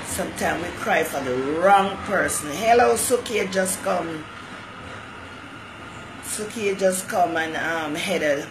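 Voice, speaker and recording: A woman's voice: sits low, background noise. A woman hosting her own talk show, giving folksy motherly advice and greeting viewers by name. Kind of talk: casual live-stream monologue.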